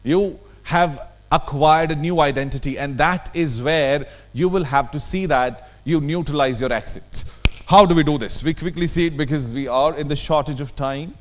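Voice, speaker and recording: A man's voice: on the high side, normal speed. A man with an Indian English accent leading a workshop, talking emphatically and often checking in with his audience. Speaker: workshop trainer. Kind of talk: lecture workshop. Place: conference hall.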